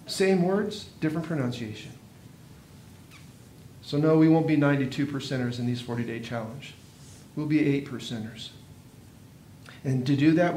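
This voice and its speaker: A man preaching a sermon, earnest, with dramatic pauses and swelling emphasis. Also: a little mellow. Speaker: pastor. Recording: echoey room with faint noise and rumble.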